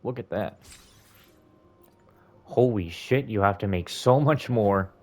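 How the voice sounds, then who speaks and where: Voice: medium pitch, takes it slowly, faint music behind. A game streamer talking casually to themself while playing, with some swearing and mumbling. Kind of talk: gameplay commentary.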